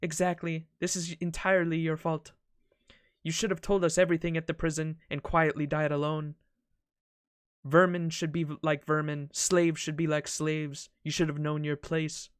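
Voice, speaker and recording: A man voicing a sorrowful, serenely cruel knight archer from a game, reading his lines in a calm, soft and measured way. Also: on the high side, clean tone, no room sound, clean studio sound, lightly acted. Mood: coldly serene.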